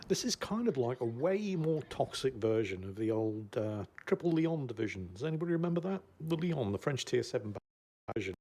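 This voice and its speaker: A man's voice: mid-range voice, sing-song, a little fast, warm tone. A man giving casual commentary over a naval battle game, often breaking into laughter as he talks. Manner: giggly, laughs often through his commentary. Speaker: gameplay commentator.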